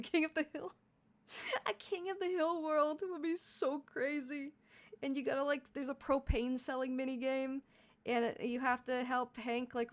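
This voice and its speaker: Giggly young woman streamer, bit high. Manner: giggly, rambling, laughs often. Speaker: VTuber streamer. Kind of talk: casual live-stream chat.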